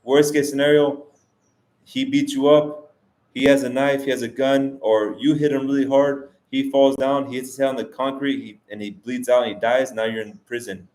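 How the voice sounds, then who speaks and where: A man's voice: mid-range voice, fairly even intonation, normal speed, a little mellow. A man hosting a live stream, talking casually and rambling with restarts and fillers as he answers chat. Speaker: vlogger host reading live chat.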